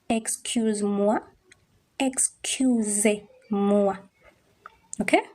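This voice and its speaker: A woman's voice: mid-range voice, mellow. Patient woman teaching French phrases. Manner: patient, drills pronunciation slowly, checks understanding. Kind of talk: online language lesson.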